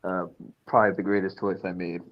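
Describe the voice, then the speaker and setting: A man's voice: sits low, little pitch movement, fairly quick, creaky, muffled recording. A man chatting on a group call, stammering and eager with his questions. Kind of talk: casual group chat on a call.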